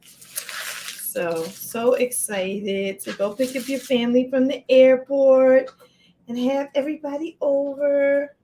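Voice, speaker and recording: A woman's voice: high voice, fairly even intonation, takes it slowly, warm tone, slight background noise. A woman hosting a casual live cooking stream from her home kitchen, chatting to viewers by name while she chops. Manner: chatty, greets viewers by name mid-task. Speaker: livestream cooking host.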